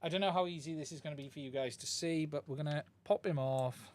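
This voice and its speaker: A man's voice: fairly high pitch, quick pace. Man chatting through a live repair. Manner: chatty, thinks aloud while working. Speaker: streamer repairing a radio controller. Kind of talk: live-stream repair chat. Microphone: desk mic, swaps mics during the stream.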